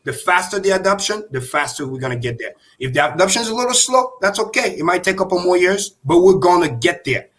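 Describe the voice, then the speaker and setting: A man's voice: sits high, animated, quick pace, few pauses, fairly bright tone. A man hosting a crypto livestream, explaining emphatically and repeating key points. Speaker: host.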